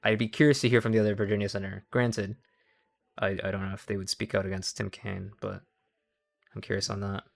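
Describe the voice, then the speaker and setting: Young man, low voice, gravelly fry, profane rambling stream talk, restarts sentences. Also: little pitch movement, brisk. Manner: profane, rambling, self-interrupting. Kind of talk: casual livestream commentary.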